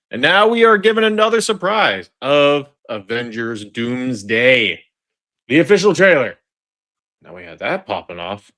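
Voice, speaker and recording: A man's voice: mid-range voice, pushed and bright. A man hosting his channel, giving casual reaction commentary on a trailer, chatty and often repeating himself to his viewers. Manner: chatty, repeats phrases and restarts, addresses the audience as folks. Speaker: online video host.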